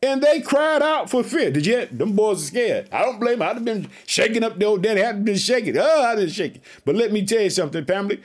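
A man preaching an energetic Bible teaching, fervent and full of exclaimed hallelujahs. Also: high voice, fast, few pauses, breathy edge.

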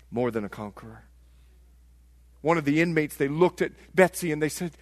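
A middle-aged man from Liberia preaching a sermon, telling stories and acting out voices, swinging from hushed tones to shouting. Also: on the high side, normal speed.

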